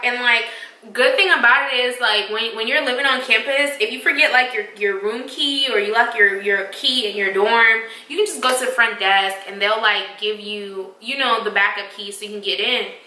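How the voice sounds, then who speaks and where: Animated young woman telling a wild story. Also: on the high side, reverberant, far from the mic, poor audio. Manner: animated, profane, emphatic storytelling. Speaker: vlogger. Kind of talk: storytime vlog.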